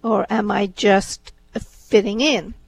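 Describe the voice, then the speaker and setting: A woman's voice: medium pitch, steady tone, takes it slowly, gravelly, slight background noise, poor audio. A woman, chatting thoughtfully in a discussion, with many "you know"s. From England. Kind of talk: casual discussion.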